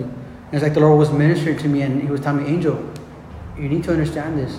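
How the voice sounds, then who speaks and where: A man's voice: on the high side, flat delivery, quick pace, noisy background. A man preaching a sermon in an earnest way, often restarting and repeating phrases. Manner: earnest, repetitive, many restarts. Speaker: pastor. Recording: echoey hall with faint ambience.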